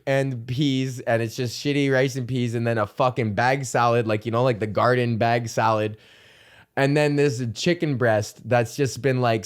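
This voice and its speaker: A man's voice: mid-range voice, clean tone. A young man hosting a comedy podcast, ranting in a casual, rambling way, swearing and laughing often. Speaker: podcast host.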